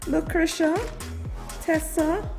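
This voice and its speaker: A woman's voice: extremely high pitch, faint music behind. A woman hosting a live online show, greeting viewers one by one and calling them darling and baby. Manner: lively, drawn-out greetings.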